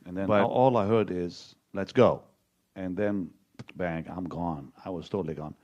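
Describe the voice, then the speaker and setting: An older man, a televangelist, tells a personal story in a halting way, repeating words and acting out what others said to him. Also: sits low, fairly even intonation, a little mellow, lo-fi sound. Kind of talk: personal testimony to an audience.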